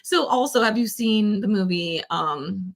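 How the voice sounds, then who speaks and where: A woman's voice: medium pitch, expressive, a little slow. A woman co-hosting a casual live stream, laughing often and telling rambling stories. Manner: giggly, rambling storyteller. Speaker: co-host.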